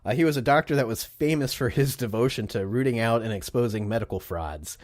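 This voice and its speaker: A man's voice: medium pitch, fairly quick, a little mellow, no echo, studio quality. A man co-hosting a podcast, casually telling an odd history story with lots of jokes, swearing and laughter. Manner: profane, jokey, laughs often. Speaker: podcast co-host. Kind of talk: casual comedic history chat.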